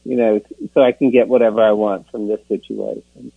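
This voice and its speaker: A man's voice: lowish voice, fairly even intonation, brisk, slightly rough, no room sound. A man sharing his recovery story in a rambling, self-deprecating way, often laughing at himself and filling gaps with "you know.". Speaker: speaker sharing at a recovery meeting. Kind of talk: personal recovery testimony. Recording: tinny phone-like dry sound.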